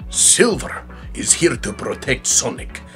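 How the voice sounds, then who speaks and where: Guy doing a russian accent for a video game hedgehog hero, slow and earnest. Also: medium pitch, sing-song, a bit bright, faint music behind, pitched below the performer's own voice.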